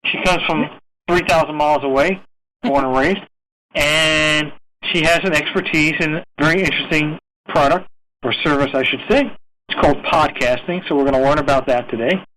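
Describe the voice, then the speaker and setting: A man's voice: a little high, moderate pace, bright, forceful tone, slight background noise, low-quality recording. A man hosting a podcast in casual chat, teasing and joking with his co-hosts. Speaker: podcast host.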